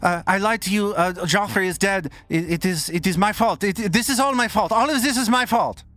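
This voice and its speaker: A man's voice: sits high, a little fast, fairly bright tone, no room sound, pitched above the performer's own voice. A man voicing a guilty young woman in a tabletop game, stammering out a frantic confession. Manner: stammering, breathless pleading.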